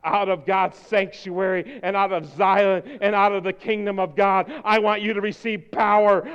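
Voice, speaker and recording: A man preaching a sermon as pastor, swinging from quiet, intense passages to shouted exhortation. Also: high-pitched, little pitch movement, moderate pace, few pauses, clear, resonant tone, dull audio. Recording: long hall reverb.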